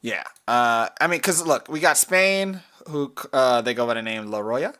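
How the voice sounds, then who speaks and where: A man co-hosting a casual podcast, working through sports predictions at an unhurried pace. He rambles, stops to correct himself and scatters fillers as he goes. His voice sits at an ordinary pitch for a man. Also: animated, bright, forceful tone. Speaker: podcast co-host. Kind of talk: casual chat about soccer picks.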